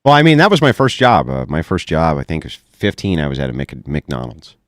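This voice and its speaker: A man with a very low, deep radio voice that still swings widely in pitch as he hosts a live online debate. He is calm and probing. The sound is close and dry. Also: brisk, no room sound. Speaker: debate host.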